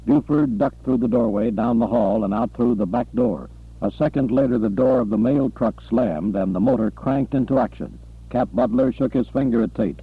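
A man narrating an audiobook in a steady, even storytelling manner. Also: mid-range voice, moderate pace, vocal fry, breathy edge. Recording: lo-fi tinny recording.

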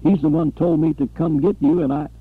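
A man voicing a nervous, pleading male chauffeur who rushes to please, in an audiobook. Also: steady tone, husky, phone-quality sound. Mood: anxious pleading. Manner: high, anxious, hurried pleading.

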